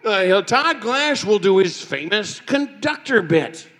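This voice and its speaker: A man's voice: high-pitched, very animated, a little slow, loud music behind the voice. A man on a live comedy stage doing a mock infomercial announcer, drawn out and teasing.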